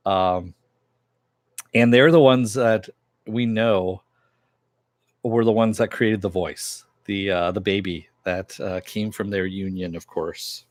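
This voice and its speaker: A man's voice: on the low side, fairly even intonation, takes it slowly, dry recording, studio quality. A man reviewing a TV episode, casually retelling the plot in a loose, rambling way and chuckling now and then. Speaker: TV series reviewer.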